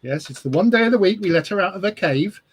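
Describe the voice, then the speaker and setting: Lively husky-voiced man bantering. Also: sits high. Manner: quick quips and banter. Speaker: panel guest. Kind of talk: casual chat.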